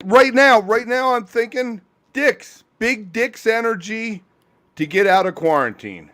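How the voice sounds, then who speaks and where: A man's voice: high voice, expressive, measured pace, pushed and bright, full character voice. A man playing an offhand, rambling male reporter in a comedy panel sketch.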